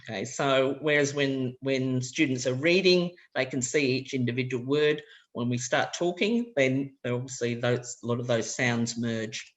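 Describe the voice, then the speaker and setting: A man's voice: medium pitch, steady tone, a little slow. A man with an Australian accent presenting a practical workshop to language teachers, explaining ideas in a loose, conversational way and walking through examples.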